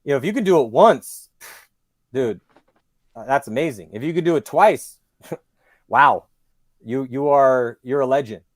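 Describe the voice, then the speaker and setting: Speaking unhurriedly and pausing often, this man has a mid-range voice captured in a studio-quality recording without echo. He's a guest on a podcast who chats casually at length, spinning stories and animatedly making his points, long-winded as he goes.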